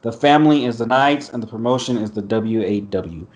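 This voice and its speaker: This man's voice is medium in pitch, a little mellow, and fairly quick. He's hosting a casual podcast via video call, reading an article out loud, cursing bluntly in reaction, and laughing often.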